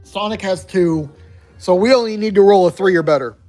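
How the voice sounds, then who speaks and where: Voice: medium pitch, fairly quick, warm tone, faint music behind. A player reading a choose-your-own-adventure gamebook aloud, narrating evenly and making wry asides.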